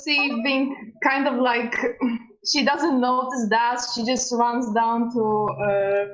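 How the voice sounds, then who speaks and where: A woman's voice: fairly high pitch, fairly even intonation, slow pace, fairly bright tone, rough recording. A woman player describing her character's actions in a rambling, emotional way. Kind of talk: tabletop game play.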